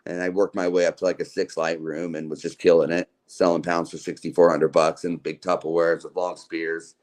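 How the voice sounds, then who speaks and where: A man's voice: low voice, little pitch movement, brisk, a little mellow. A man from Utah, a podcast guest, telling long casual stories in a laid-back, slangy way, full of "like" and swearing. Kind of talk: casual storytelling.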